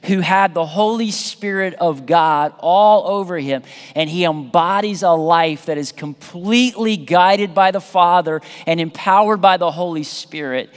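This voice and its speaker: A man with a fairly high voice preaches from the pulpit, and his words ring out through the long echo of a church hall. He talks to the congregation in a lively, conversational way, repeats key phrases for emphasis and sometimes restarts a sentence. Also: unhurried, clear, resonant tone. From Southern United States. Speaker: pastor. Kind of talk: sermon. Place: church sanctuary.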